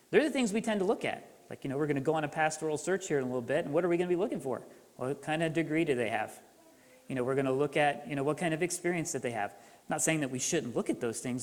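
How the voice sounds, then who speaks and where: Conversational pastor with a raised voice. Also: male voice, fairly high pitch. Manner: conversational storytelling, rhetorical questions. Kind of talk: sermon. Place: church sanctuary. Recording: echoey church hall reverb.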